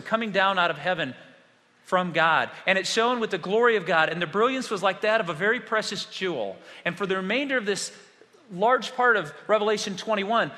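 A man preaching a sermon as a pastor, animated, swinging between hushed, soft passages and loud outbursts. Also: high voice, in a large hall.

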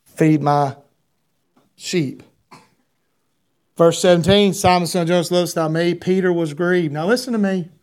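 High-voiced animated male preacher. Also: measured pace, long pauses. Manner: animated preaching, reading scripture in King James wording, rising to shouts. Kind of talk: sermon.

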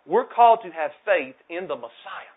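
A man's voice: high voice, animated, normal speed, breathy edge. Man preaching over a tinny line. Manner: emphatic, repeats key phrases. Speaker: pastor. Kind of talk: sermon. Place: church sanctuary at a pulpit. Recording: tinny phone-like sound.

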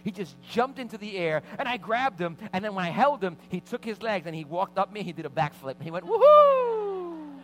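A middle-aged man preaching as pastor, telling a lively personal story and acting out the voices of the people in it. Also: high voice, fairly quick, hardly any pauses, faint music behind, poor audio. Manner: animated anecdotes with vivid quoted voices. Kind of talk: sermon storytelling.

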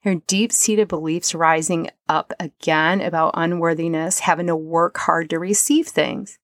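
A woman's voice: lowish voice, steady tone, measured pace, dry recording. A woman hosting a podcast, talking earnestly and emotionally about a personal experience, at moments close to tears. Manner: soft, earnest and emotional, at times near tears. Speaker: podcast host. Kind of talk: personal reflective monologue.

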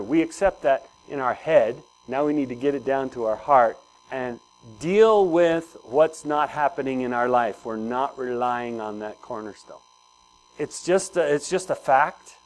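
A pastor with a fairly high-pitched voice preaches a sermon conversationally, putting questions to the congregation and repeating key phrases. The recording is rough.

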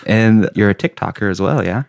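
A man's voice: lowish voice, fairly quick, creaky, no echo, studio quality. A man co-hosting a music podcast, chatting with giggly enthusiasm. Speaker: podcast co-host. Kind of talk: casual podcast chat.

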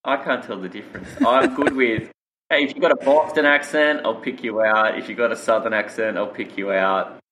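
A man's voice: fairly low pitch, fairly quick, a bit bright, slight background noise, poor audio. A man with an Australian accent, a podcast guest in playful, chatty conversation. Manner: playful and chatty, laughs easily. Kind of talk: casual chat.

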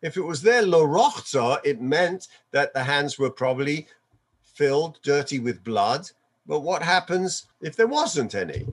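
Male rabbi, Torah sermon, higher-pitched voice, unhurried delivery, chuckles while explaining. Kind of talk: Torah sermon mixing Hebrew quotations.

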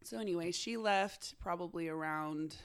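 A woman in her forties hosts a podcast, telling a story in casual chat, laughing often and acting out quotes with animation. Her voice is lowish, clear, and resonant, at a moderate pace.

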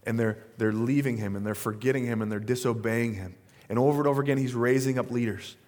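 A fast-talking pastor in his thirties, medium in pitch, tells stories during his sermon. The delivery is laid-back and conversational, peppered with fillers and side remarks.

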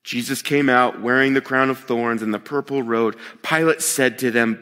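A man's voice: medium pitch, fairly even intonation, moderate pace, few pauses, pushed and bright, clean tone. A man preaching a sermon in a conversational way, retelling scripture with everyday voices for the people in it. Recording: long echo of a large hall.

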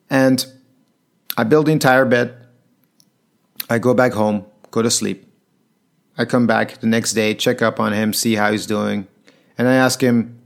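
A man's voice: mid-range voice, moderate pace, long pauses. A man telling a personal story to an audience in an earnest, reflective way.

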